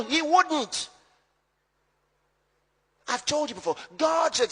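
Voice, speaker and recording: A man preaching a sermon as pastor, emphatic, swinging between loud shouts and low hushed lines. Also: animated, takes it slowly, long pauses, big-room sound.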